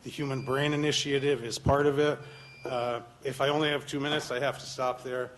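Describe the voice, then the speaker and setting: A man's voice: mid-range voice, level tone, brisk, very noisy. A man giving public testimony at a hearing, talking insistently with frequent "uh" fillers. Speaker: public commenter.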